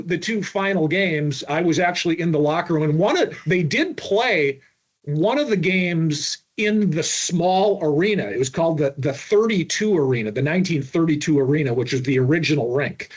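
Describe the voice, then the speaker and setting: Middle-aged guy rambling through old stories, slightly higher voice, lots of uh and restarts. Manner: rambling anecdotes with many restarts and fillers. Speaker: guest. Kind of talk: storytelling interview.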